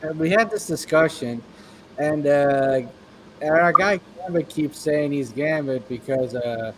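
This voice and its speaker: A man's voice: on the high side, unhurried, a crowd in the background, poor audio. A man co-hosting a casual radio chat, asking curious follow-up questions. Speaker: radio show co-host. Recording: faint background noise.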